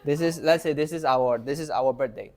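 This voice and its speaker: A man from Myanmar teaches an English class in a fairly high, slightly mellow voice at a brisk pace. He is encouraging, asking his students questions and modeling phrases for them to repeat.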